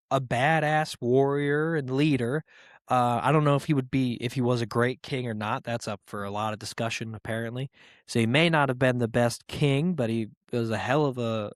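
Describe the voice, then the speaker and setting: A man's voice: medium pitch, dry recording, clean studio sound. A man hosting a podcast in a casual monologue, rambling and joking, with plenty of swearing and filler words. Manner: irreverent and joking. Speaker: podcast host.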